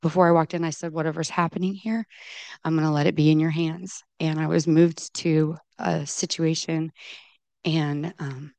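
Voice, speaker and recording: A middle-aged woman giving candid personal testimony at a recovery meeting, halting and restarting as she quotes her own self-talk. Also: low voice, little pitch movement, creaky, a little mellow, dry recording. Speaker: recovery program member sharing her story.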